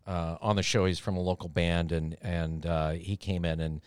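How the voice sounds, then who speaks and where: A man's voice: mid-range voice, darkish tone, smooth, no echo, lightly acted. A man imitating a timid male program director who stammers and trails off. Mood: sheepish. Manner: hesitant, halting, trailing off.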